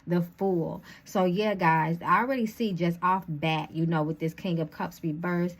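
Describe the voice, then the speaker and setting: Lisping woman reading tarot, low voice. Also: fairly even intonation, normal speed. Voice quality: slight lisp from retainers. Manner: chatty, addresses viewers as y'all, thinks aloud. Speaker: tarot reader. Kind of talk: casual tarot reading monologue.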